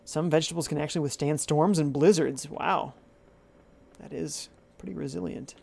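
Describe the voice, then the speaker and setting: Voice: medium pitch, steady tone, normal speed, vocal fry, darkish tone, slightly rough. A game streamer giving live commentary, reading viewers' chat aloud and musing and humming while deciding things. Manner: chatty, muses aloud, hums while thinking.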